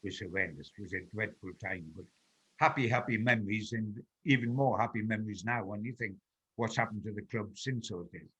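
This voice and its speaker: An older man tells football stories in a husky, low-pitched voice. He is a veteran journalist being interviewed, and he chuckles through his tales and quotes the people in them. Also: brisk, a bit bright, lo-fi sound. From North East England. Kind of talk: anecdotal interview storytelling.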